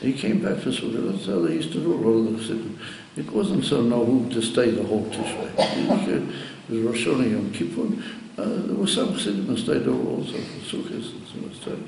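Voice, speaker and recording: A man, a rabbi, telling stories to a gathering in a halting, meandering way with many restarts. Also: mid-range voice, sing-song, creaky, darkish tone, a little hiss or hum. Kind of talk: storytelling talk to a gathering. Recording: echoey hall recorded from far off.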